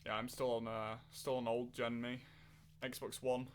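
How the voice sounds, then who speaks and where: A man's voice: medium pitch, level tone, unhurried, a little hiss or hum. A man streaming a racing game, chatting casually and answering his viewers as he plays. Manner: chatty, replies to chat while racing. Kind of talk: live-stream gameplay chat. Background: game music.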